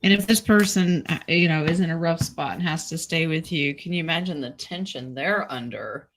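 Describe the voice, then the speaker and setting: Woman co-host, brash tarot reader, bright ringing tone. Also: low voice, normal speed. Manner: blunt, joking, laughs often. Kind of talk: casual group chat reading cards.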